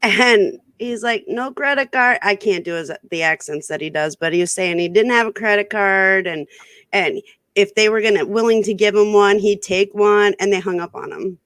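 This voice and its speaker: A woman's voice: mid-range voice, moderate pace, a bit bright, no room sound. Woman chatting, dry close sound. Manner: laughing, storytelling. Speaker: guest. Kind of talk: casual livestream chat.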